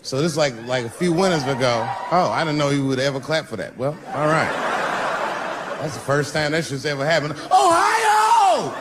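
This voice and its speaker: A man performing a profane, animated stand-up routine, telling a long story. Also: medium pitch, a little fast. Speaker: stand-up comedian. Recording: live stage recording with audience noise.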